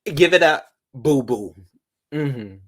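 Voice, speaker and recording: A man's voice: mid-range voice, lively intonation, a little hiss or hum. Sassy, dramatic man ranting to viewers. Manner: sassy and dramatic, drawn-out emphasis. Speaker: vlogger. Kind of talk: casual commentary to viewers.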